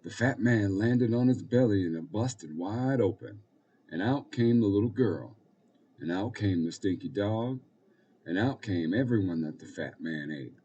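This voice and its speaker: A man narrating an audiobook in calm, even storytelling. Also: on the low side, measured pace, husky, recorded from a distance, muffled recording. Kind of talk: scripted narration.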